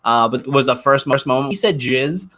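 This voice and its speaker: A man with a bright, mid-pitched voice co-hosts a casual podcast. He rambles loosely, swearing and restarting his sentences as he talks. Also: lively intonation, fairly quick. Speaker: podcast co-host.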